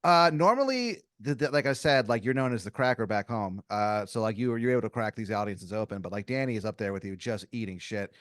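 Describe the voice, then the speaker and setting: A man's voice: lowish voice, a little fast, hardly any pauses, dry recording, clean studio sound. Rambling man narrating an improv story. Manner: rambling, full of "like" and restarts, many acted quotes.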